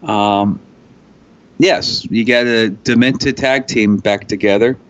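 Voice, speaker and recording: A man co-hosting a casual wrestling talk show, halting often with ums and restarts. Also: fairly low pitch, steady tone. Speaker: podcast co-host.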